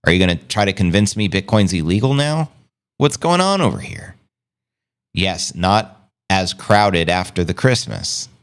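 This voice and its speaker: A man's voice: low-pitched, very animated, measured pace, clear, resonant tone. A man hosting a casual livestream, reading viewer comments aloud in a laid-back, slangy way. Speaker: livestream host.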